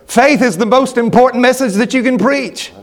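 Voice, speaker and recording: A man's voice: extremely high pitch, moderate pace. A middle-aged man preaching a sermon, emphatic and repetitive, often restarting his words.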